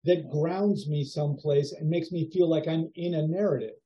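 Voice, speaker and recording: A man teaching a writing workshop over a video call, giving feedback in a musing, halting way with many fillers. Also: on the high side. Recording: dull lo-fi video call audio.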